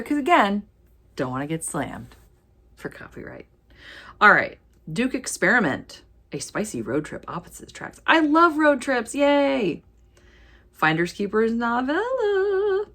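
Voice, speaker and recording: A woman chatting casually as a book vlogger, reading ebook titles aloud with quick, animated asides. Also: deep voice. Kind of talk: casual chat while sorting ebooks.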